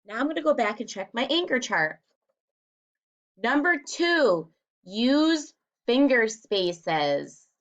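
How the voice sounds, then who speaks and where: A woman teacher walking young children through a writing lesson in a slow, deliberate, encouraging way. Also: high voice, very animated, fairly bright tone. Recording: dull, lo-fi home recording.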